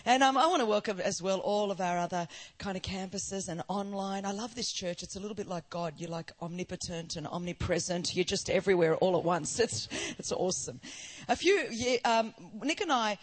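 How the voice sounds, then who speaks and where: A middle-aged Australian woman preaching as a guest speaker. She talks fast and lively, with jokes woven through, in a voice of middle pitch. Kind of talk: sermon.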